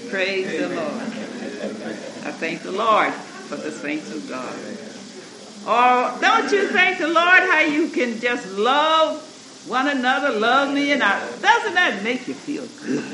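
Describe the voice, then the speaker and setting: High, lively preacher man in echoey hall. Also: slow. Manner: lively preaching with laughter and call to the congregation. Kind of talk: sermon with scripture readings. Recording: echoey church room recording with noise.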